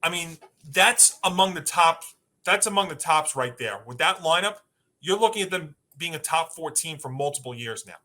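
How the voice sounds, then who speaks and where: Bright, emphatic male sports podcast host. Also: a little high, expressive, normal speed. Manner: emphatic, rattles off lists. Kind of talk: sports talk debate.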